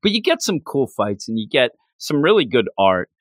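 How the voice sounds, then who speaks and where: A man co-hosting a casual chat, animated and excitable, slipping into quoted voices. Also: mid-range voice, moderate pace, dry recording, studio quality. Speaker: podcast co-host.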